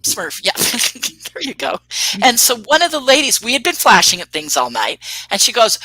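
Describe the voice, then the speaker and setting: Bright-voiced woman telling a lively story. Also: on the high side, moderate pace, no room sound, low-quality recording. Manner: animated storyteller, acts out quotes, laughs often. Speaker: UFO tour guide telling sightings. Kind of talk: casual storytelling on a radio talk show.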